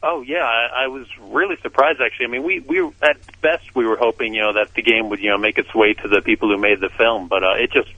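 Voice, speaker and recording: A man's voice: medium pitch, fast talker, hardly any pauses, no echo. A man calling in by phone to a radio show, rambling casually with lots of filler words. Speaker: phone-in guest, game maker. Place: Los Angeles. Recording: dull lo-fi phone line.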